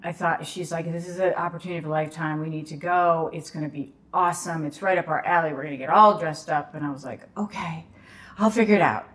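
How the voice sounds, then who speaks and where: A woman's voice: sits low, steady tone, fast, few pauses, fairly bright tone. A woman, a podcast guest telling a story in casual conversation, acting out the voices in the dialogue.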